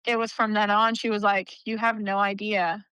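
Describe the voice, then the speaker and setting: A woman's voice: mid-range voice, little pitch movement, normal speed, pushed and bright, smooth, no echo, low-quality recording. A woman in her thirties, a nonprofit leader and podcast guest, chatting casually and telling stories with lots of "like" and bursts of laughter. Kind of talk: casual interview storytelling.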